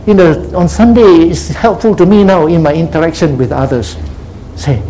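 Male pastor, sermon, teacherly, repeats points for emphasis, warm tone. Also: a little high, a little hiss or hum, poor audio. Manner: checks in with frequent "See?" and "Huh?".

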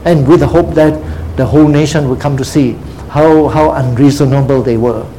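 A man's voice: fairly high pitch, steady tone, moderate pace, warm tone, slight background noise, poor audio. A man preaching an expository sermon, teaching point by point and often checking in with "see?". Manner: methodical, breaks ideas into numbered points.

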